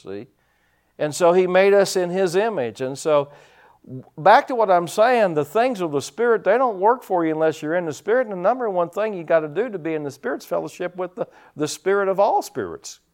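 A man preaching a sermon as pastor, folksy, telling stories and swinging his loudness up and down, from the United States. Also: high voice, big pitch swings, brisk. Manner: folksy storytelling preacher, rising and dropping loudness.

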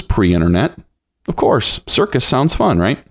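The speaker, a podcast host in his thirties, relates a personal anecdote at normal speed in a medium-pitched voice. He tells it animatedly, voicing each person in the story himself.

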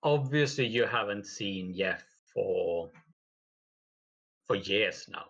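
A man runs a tabletop game with slow, hesitant narration full of fillers. His voice sits low but sounds bright and forward. The recording is dull and lo-fi. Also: lively intonation. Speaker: game master.

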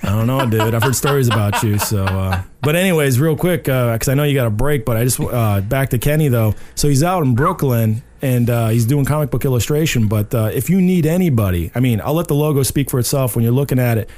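A man's voice: medium pitch, expressive, fairly quick, few pauses, darkish tone. A man co-hosting a podcast, telling a loose story in casual chat with plenty of fillers and restarts. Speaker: podcast co-host.

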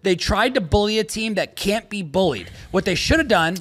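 A man with a high-pitched voice co-hosts a casual sports betting chat. He is loud and excitable, jokes around, and sometimes breaks into shouting as he argues his picks. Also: normal speed. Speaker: sports betting podcast co-host.

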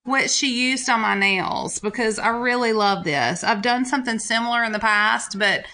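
A woman's voice: fairly high pitch, normal speed, sharp tone. A middle-aged woman, animatedly telling stories in a casual chat and laughing often.

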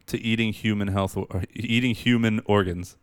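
A man's voice: on the low side, fairly even intonation, moderate pace, clean tone, no room sound, clean studio sound. A man co-hosting a podcast in casual chat, rambling through stories and laughing often. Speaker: podcast co-host.

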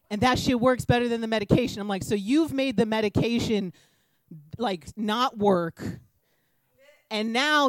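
A woman's voice: on the high side, a little fast, no echo, rough recording. A young adult woman doing a stand-up comedy set in front of a live audience, talking in a brash, profane, rambling and conversational way.

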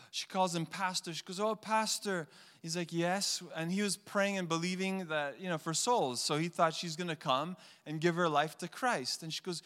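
Animated pastor in a reverberant hall. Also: male voice, high-pitched, clean tone. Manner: animated storyteller acting out voices. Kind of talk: sermon with storytelling.

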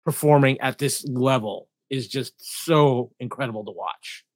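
A man's voice: mid-range voice, measured pace, no room sound. A man in a casual podcast discussion, speaking earnestly and effusively. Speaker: podcast co-host.

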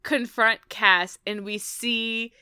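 A woman chatting about a TV episode, excitable and swearing as she laughs through her recap. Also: a little high, slow pace, clear, resonant tone, no echo, clean studio sound. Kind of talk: casual chat recapping a TV episode.

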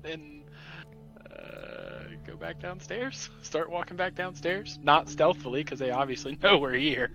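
A man playing a tabletop game, excitable and animated. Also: on the high side, unhurried, vocal fry, over music. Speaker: player. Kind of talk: casual chat at a game table.

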